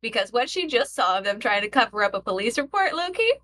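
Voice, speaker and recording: A woman's voice: on the high side, very animated, quick pace, bright, forceful tone. A woman playing a tabletop game, chatty and hesitant. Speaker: player.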